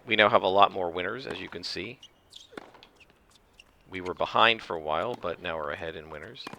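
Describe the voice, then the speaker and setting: A man talks casually over his own gameplay with a bright, forceful tone and a slightly low voice. He explains rules at length, rambling with restarts and now and then clearing his throat. A faint hiss sits under the recording. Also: a little fast. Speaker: gameplay commentator. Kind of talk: casual let's-play commentary.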